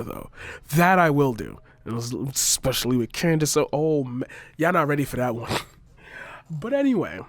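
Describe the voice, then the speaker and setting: A man's voice: on the high side, no room sound. A young man ranting to camera, exasperated, sarcastic and profane. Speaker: vlogger. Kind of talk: frustrated opinion rant to camera.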